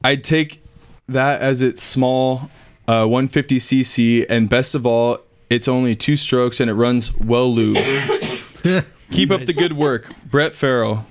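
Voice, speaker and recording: A man co-hosting a podcast, reading a listener's email aloud in a dry, even way. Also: mid-range voice, slow, a little hiss or hum.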